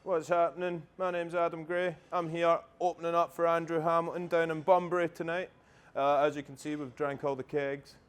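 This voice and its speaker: A man's voice: a little high, level tone, a little fast, clear, resonant tone. A young adult man with a Scottish accent, an opening comedian chatting casually and self-deprecatingly to camera. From Scotland.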